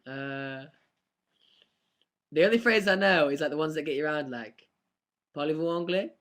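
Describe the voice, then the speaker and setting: A man's voice: fairly high pitch, lively intonation, moderate pace, a bit bright. A young man, chatting casually on a live stream and answering fan questions with lots of ums and laughs. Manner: chatty, rambling, laughs often, many ums.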